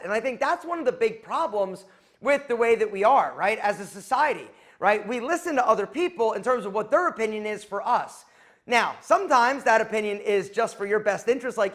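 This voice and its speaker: A man's voice: high-pitched, animated, a little fast, fairly bright tone. A middle-aged man hosting his own video channel, telling a story in a casual, chatty way and giving advice straight to the viewer. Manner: chatty, advice-giving, acts out quoted exchanges. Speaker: YouTube host.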